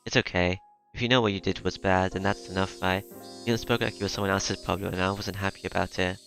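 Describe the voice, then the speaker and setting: A man's voice: deep voice, fairly even intonation, fast, vocal fry, a bit bright, faint music behind. A man voicing a sly, teasing teenage girl who mocks and plays innocent, in a visual novel reading. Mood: cool. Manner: mocking, breezy, feigned innocence.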